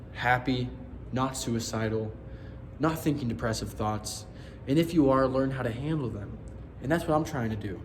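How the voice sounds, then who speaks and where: A man's voice: mid-range voice, a little hiss or hum. A young man vlogging in a casual monologue, rambling and earnest, swearing often and full of fillers.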